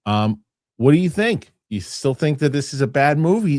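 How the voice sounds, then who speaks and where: A man hosting a casual movie news show, animated and jokey, reading headlines and adding his own takes. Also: a little high, normal speed, no echo, studio quality. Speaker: show host.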